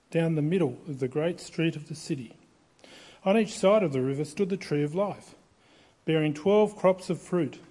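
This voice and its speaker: A man reads scripture to his congregation in a church, his voice fairly high for a man yet mellow and warm. He keeps a measured, steady pace, giving each phrase its weight. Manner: measured, steady reading aloud. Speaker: pastor. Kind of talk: scripture reading in a church service.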